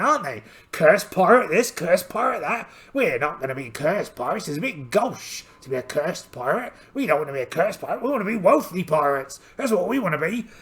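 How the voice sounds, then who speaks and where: A man voicing a polite, boastful one-eyed pirate captain in a solo tabletop game, theatrical and full of exclamations. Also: high-pitched. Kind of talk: in-character solo game narration.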